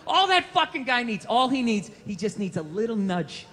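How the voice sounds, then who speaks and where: A man doing a stand-up comedy routine, telling stories loudly and profanely and acting out characters in different voices. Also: very high-pitched, moderate pace, few pauses, background noise. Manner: loud, animated storytelling, profane, acts out characters.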